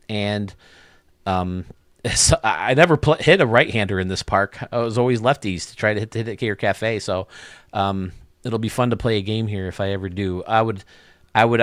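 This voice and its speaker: A man hosting a video game stadium show, chatting casually and excitably, with lots of restarts. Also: fairly low pitch, no room sound, clean studio sound. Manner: rambling, excitable, many restarts. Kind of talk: casual chat.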